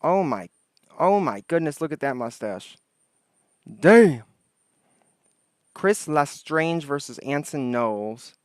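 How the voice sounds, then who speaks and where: A man's voice: fairly high pitch, animated, measured pace, clean tone, dry recording, studio quality. A man hosting a casual livestream outdoors, chatting with viewers and thinking aloud. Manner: rambling, greets chat, thinks aloud. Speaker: livestream host. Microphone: desk microphone.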